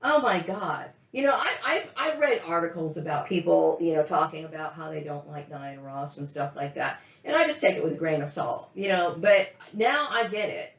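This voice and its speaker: A woman's voice: deep voice, lively intonation, moderate pace, hardly any pauses. A woman delivering an angry, profane monologue, repeating herself and tagging lines with "okay?". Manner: profane, repetitive, many "okay?" fillers. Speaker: vlogger. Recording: echoey room, dull lo-fi sound.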